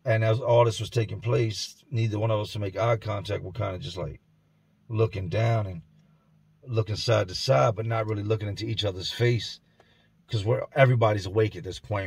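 A man telling a grim first-person story in a somber, intense way, often dropping to a hush, recorded indoors at home. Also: on the low side, fairly even intonation, brisk, gravelly, breathy edge, no room sound. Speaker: storyteller and channel host.

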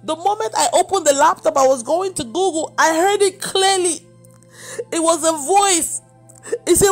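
A woman's voice: very high-pitched, moderate pace, soft background music. A woman preacher giving an emotional testimony, acting out the dialogue as she tells it. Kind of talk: testimony sermon.

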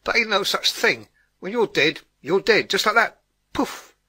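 A man voicing a loud, coarse middle-aged woman who yells and scoffs like a brash gossip. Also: sits high, expressive, a little slow, husky, no echo, voice pushed up, exaggerated voice. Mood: brash yelling. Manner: yelling, brash and scornful.

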